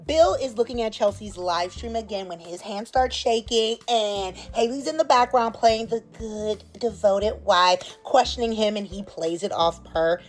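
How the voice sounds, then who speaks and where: A woman's voice: mid-range voice, unhurried, hardly any pauses. A woman casually recapping a soap opera episode in a sassy, opinionated way and acting out the characters' lines. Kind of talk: casual chat.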